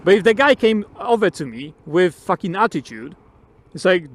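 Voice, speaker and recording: A man with a fairly high voice talks to the camera from a motorbike outdoors. He rambles through his opinions in a loose, casual way. He swears freely and laughs often as he goes. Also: very animated, moderate pace. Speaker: motovlogger.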